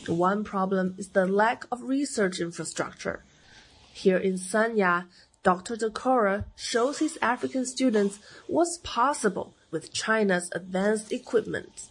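A woman correspondent reading a scripted news report in a measured, even way. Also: medium pitch, a little hiss or hum.

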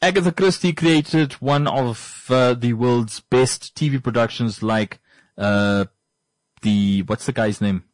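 Male podcast host, mid pitch, dry close sound, rambling and emphatic. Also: takes it slowly, no echo. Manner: rambling, emphatic, repeats points for effect. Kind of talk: casual monologue.

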